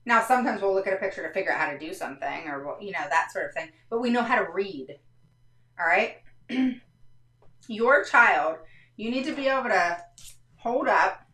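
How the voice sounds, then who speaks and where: A woman's voice: mid-range voice, expressive, moderate pace, bright, forceful tone. A woman hosts a casual live stream, explaining things step by step and often checking in with her viewers. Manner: explanatory, keeps checking in with "all right". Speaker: host of a parenting live stream. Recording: roomy, slightly distant mic.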